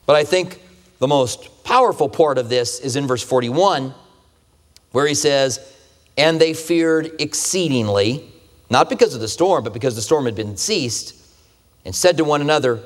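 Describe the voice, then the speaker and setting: A man's voice: mid-range voice, animated, normal speed. A man preaching a conversational sermon, asking the listeners rhetorical questions. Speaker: pastor. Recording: long hall reverb.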